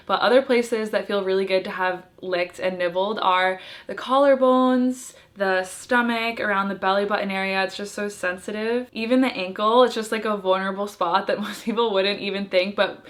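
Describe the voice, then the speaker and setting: A woman's voice: mid-range voice, steady tone, normal speed, few pauses, fairly bright tone. A young woman giving frank, chatty advice in a casual vlog, laughing lightly now and then. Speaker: video creator giving intimacy tips.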